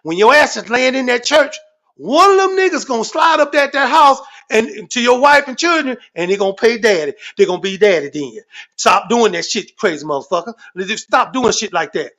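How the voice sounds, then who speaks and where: High-voiced man on a profane rant. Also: a little fast. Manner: animated, repetitive, swearing constantly, comic exaggeration.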